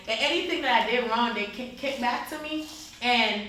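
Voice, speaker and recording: A woman's voice: fairly high pitch, a little fast, pushed and bright. A woman casually telling a grateful story to a group, acting out quoted voices and often asking "you understand?". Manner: repeats "you understand?" to her listeners. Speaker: grateful friend giving a testimonial. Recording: echoey room, voice from a distance, faint noise.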